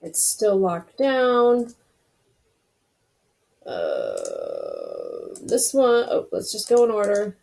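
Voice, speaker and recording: A woman's voice: medium pitch, huge pitch swings, very slow, vocal fry, pauses often, a little mellow, slightly rough. A woman hosting a casual screen-recorded web design tutorial, chatty and thinking aloud as she clicks through each step.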